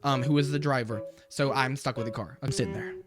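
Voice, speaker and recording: A man's voice: medium pitch, brisk, music in the background. A young man animatedly retelling a story in a slangy storytime vlog, often saying "bro". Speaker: vlogger.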